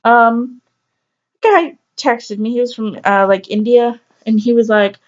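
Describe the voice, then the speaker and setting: Woman vlogger, higher voice, candid rambling storyteller, slightly dull lo-fi sound. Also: measured pace. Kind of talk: casual storytelling to camera.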